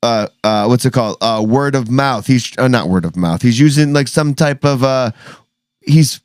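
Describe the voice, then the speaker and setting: Halting man chatting on a podcast, dry sound. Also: mid-range voice, a little mellow, smooth, dry recording. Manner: halting, searching for words. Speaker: podcast co-host. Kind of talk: casual chat.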